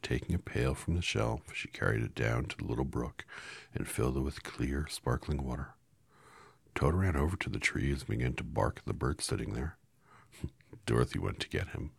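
Man reading a children's story aloud, very low, husky, gravelly, calm and unhurried. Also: dry recording. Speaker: storybook reader.

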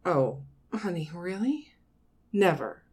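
A woman playing a doting mother who talks to her grown son in a soft, coaxing audio role-play. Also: lowish voice, sing-song, breathy edge, heavily acted. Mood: soothing. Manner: soft, coaxing, slow, with frequent nervous laughs.

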